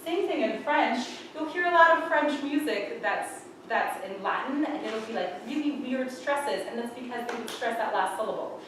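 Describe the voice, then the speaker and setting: A woman's voice: fairly high pitch, lively intonation, moderate pace, hardly any pauses, fairly bright tone, slight background noise. A woman conducting a choir rehearsal, talking in a chatty, upbeat way and singing syllables to show how a passage goes. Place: large rehearsal hall. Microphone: far camera. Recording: echoey hall from far off.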